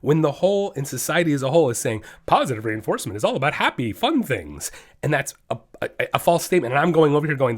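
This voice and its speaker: A man's voice: on the high side, animated, fast talker. A man hosting his own dog training podcast, talking solo in an emphatic, fired-up way that often slides into ranting.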